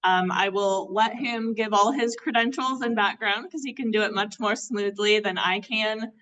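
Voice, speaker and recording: Event host, female, bright tone, heard from across the room. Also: mid-range voice, normal speed, recorded from a distance, low-quality recording. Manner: friendly, filler-heavy. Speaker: event organizer introducing the speaker. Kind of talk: event introduction. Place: meeting hall.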